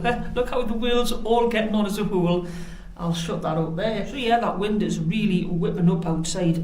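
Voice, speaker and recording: A woman's voice: mid-range voice, darkish tone, reverberant, poor audio. A middle-aged woman with a Geordie accent, chatting to camera in a rambling, self-mocking way while wild camping. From North East England. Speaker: outdoor vlogger. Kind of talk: casual chat to camera. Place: outdoors and in a concrete bunker on a windy hill.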